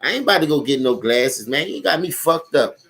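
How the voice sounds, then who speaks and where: His voice is a little high, expressive, brisk and fairly bright. The young sports commentary host, with his New Orleans accent, rants animatedly and profanely about football while talking directly to his live-stream audience.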